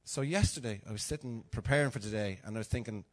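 At a quick pace and medium pitch, an older Dublin-accented man preaches an informal sermon in a church hall. He chats, laughs at himself, and acts out small dialogues within his humorous stories.

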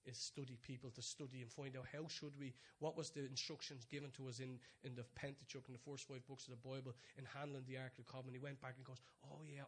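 A man preaching a sermon, telling stories with many restarts, dropping to hushed asides and rising to excited peaks. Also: medium pitch. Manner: storytelling, swings from soft hushed asides to loud excited peaks.

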